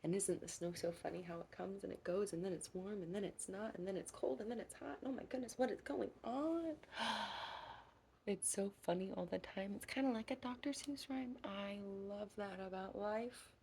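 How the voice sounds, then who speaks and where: A woman voicing a playful, affectionate childlike frog in whispered role-play, with soft gasps and a singsong lilt. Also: mid-range voice, moderate pace, slight background noise, natural voice. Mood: dreamy. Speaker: children's storyteller.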